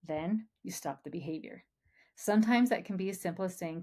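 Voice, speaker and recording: A woman's voice: fairly low pitch, a little fast, mellow. A woman who is a parenting coach giving encouraging podcast advice and speaking straight to the listener as a friend.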